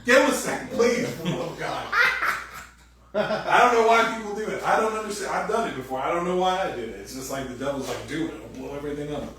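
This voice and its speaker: A man's voice: high voice, lively intonation, fast, heavy background noise. A male pastor preaching a sermon in a casual, joking way, acting out quoted voices as he goes. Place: church sanctuary. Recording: roomy hall, from a distance.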